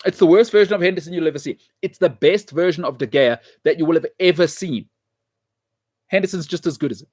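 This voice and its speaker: A man with a somewhat raised pitch hosts his own show, lecturing the audience in an emphatic, repetitive way. His opinionated football commentary comes across dry and close, with no room sound. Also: fast talker, darkish tone, no echo. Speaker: show host.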